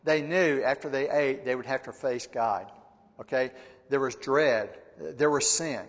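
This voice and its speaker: A man's voice: medium pitch, measured pace. A man giving a conversational Bible teaching. He often repeats words and asks his listeners questions. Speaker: church teacher. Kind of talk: sermon-style Bible teaching. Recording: long hall reverb.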